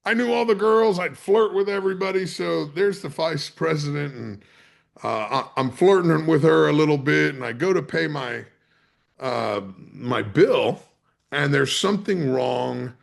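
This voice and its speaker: Gravelly-voiced man telling a wild story. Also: on the high side, a little slow. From Maryland's Eastern Shore, USA. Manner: vivid storyteller, swears freely, acts out quotes. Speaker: charter captain, podcast guest. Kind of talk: conversational storytelling.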